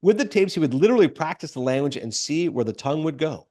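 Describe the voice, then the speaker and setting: A man's voice: on the high side, lively intonation, fast, warm tone. A man hosting a casual film podcast, reading trivia aloud with enthusiastic asides. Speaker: podcast host.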